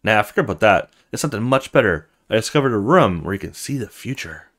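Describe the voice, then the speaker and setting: A man voicing an eager, excited young woman in a video game. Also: on the low side, quick pace.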